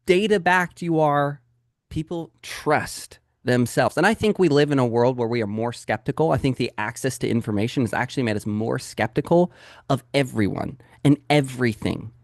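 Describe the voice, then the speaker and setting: Casting a male sales coach hosting a webinar: punchy, direct-address delivery in a dry, close recording at mid pitch. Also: no echo. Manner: energetic and emphatic, talks straight to the audience. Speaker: real estate sales coach. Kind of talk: live training webinar.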